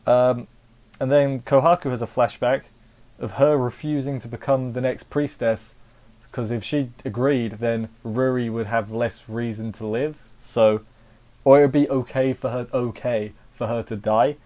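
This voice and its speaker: A man's voice: medium pitch, steady tone, a little slow, warm tone. A man giving a casual, rambling spoken review of an anime episode, often repeating words and restarting sentences.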